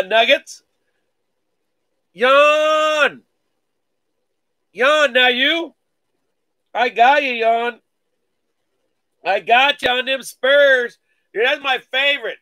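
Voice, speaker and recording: High-voiced laid-back card break host. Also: male voice, fairly bright tone. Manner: laid-back, many "uh" fillers, greets viewers by name. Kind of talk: casual live-stream chat.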